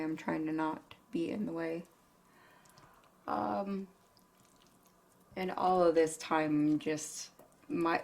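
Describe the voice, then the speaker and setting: Low, gravelly-voiced sick woman vlogger. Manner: blunt, cussing, laughs often. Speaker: cooking vlogger. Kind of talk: casual chat while cooking.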